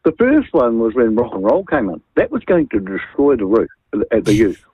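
An older man calling a radio show over the phone, opinionated and animated, stumbling and repeating words. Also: mid-range voice, moderate pace, slightly rough, dry recording. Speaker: radio caller. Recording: phone line.

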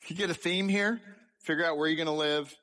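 A man's voice: on the high side, steady tone, quick pace, sharp tone. A man giving a sermon-style testimony about his childhood, telling it with humour and poking fun at himself. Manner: humorous, self-deprecating storytelling. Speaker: speaker sharing his life story.

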